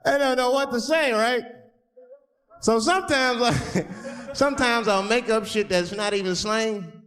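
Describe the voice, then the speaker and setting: A man's voice: extremely high pitch, a little slow, a bit bright. A man doing a stand-up comedy set, telling stories in a loose, conversational way full of slang. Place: large performance hall. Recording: long hall reverb of a live venue.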